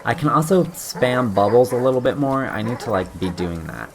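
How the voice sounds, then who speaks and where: A man's voice: medium pitch, big pitch swings, normal speed, a crowd in the background. A man streaming a video game, thinking aloud with frequent swearing, restarts and sudden yelps when things go wrong. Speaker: streamer playing a game blind. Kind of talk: casual gameplay commentary.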